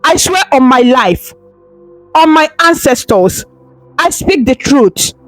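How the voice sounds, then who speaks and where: A woman's voice: high voice, expressive, takes it slowly, no room sound, soft background music. A woman storyteller voicing a desperate young woman who pleads through tears with a trembling voice. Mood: pleading.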